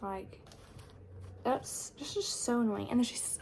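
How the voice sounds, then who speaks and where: A woman's voice: a little high, a little slow, a little mellow, a little hiss or hum. A young woman vlogging a casual, sarcastic rant about books she dislikes, chatty and full of fillers. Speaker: book vlogger. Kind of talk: casual ranting book review.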